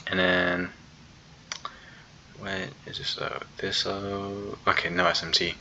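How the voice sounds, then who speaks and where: A young day trader casually recaps his trading day at his computer in a screen recording, rambling along with lots of fillers and slang. His voice is low and monotone yet pushed and bright, and he speaks slowly. The recording is slightly dull, with faint background noise.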